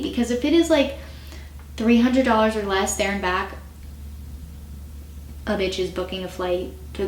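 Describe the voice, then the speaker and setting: A woman's voice: medium pitch, a little hiss or hum. A woman in her twenties vlogging in a chatty, self-mocking way and swearing freely. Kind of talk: casual chat to camera. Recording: roomy echo.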